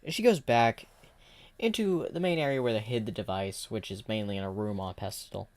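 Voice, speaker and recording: A man's voice: on the low side, brisk, no room sound. A man streaming and narrating an improvised fan story, rambling and restarting sentences.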